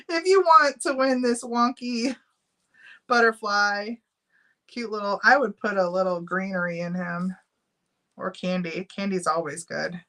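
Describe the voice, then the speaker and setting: A woman's voice: medium pitch, unhurried, pauses often, fairly bright tone. A middle-aged woman chatting casually on a live stream, giggling often and reading out viewer names while she runs a giveaway.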